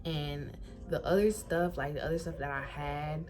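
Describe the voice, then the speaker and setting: A young woman from Florida telling a casual storytime about getting into college, animated and colloquial, acting out what people said. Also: low voice, moderate pace. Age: young adult. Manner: animated, colloquial, acts out quotes. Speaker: incoming college student. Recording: music playing behind voice.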